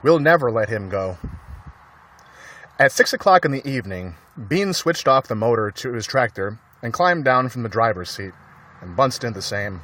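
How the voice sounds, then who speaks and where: A man reading a children's book aloud in an animated way, with light laughs. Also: medium pitch. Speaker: narrator.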